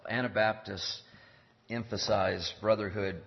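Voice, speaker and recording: Man, sermon, earnest and deliberate, repeats key phrases, long hall echo. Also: fairly high pitch, lively intonation. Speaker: preacher. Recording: dull lo-fi sound in a reverberant hall.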